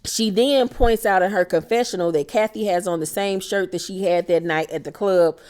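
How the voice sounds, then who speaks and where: A woman's voice: medium pitch, normal speed, darkish tone. A woman doing a casual, profane reality TV recap, blunt and sassy, who laughs and mimics the cast.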